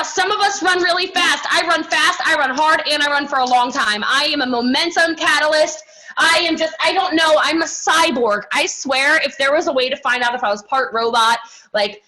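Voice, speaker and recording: High, bright-voiced sassy woman coach. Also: poor audio. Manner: animated and sassy, acts out other people's voices; emphatic, many "okay?" and "right?" asides. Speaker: motivational speaker at a team training. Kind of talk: energetic motivational talk.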